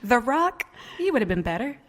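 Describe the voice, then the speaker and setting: A woman co-hosting a casual podcast chat about TV and movies, animated and exclaiming as she acts out what others said. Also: fairly high pitch, brisk. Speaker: podcast co-host.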